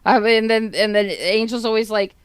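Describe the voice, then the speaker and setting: Casual woman streamer with a smooth voice. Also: on the high side, fairly even intonation, normal speed, no echo. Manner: laughing, swearing, retelling chats with friends and family. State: coughing. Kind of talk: casual livestream chat.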